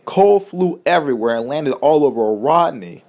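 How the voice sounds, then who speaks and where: A man's voice: fairly high pitch, lively intonation, normal speed, gravelly, darkish tone. A man narrating a homemade storybook tale in a plain, earnest reading voice.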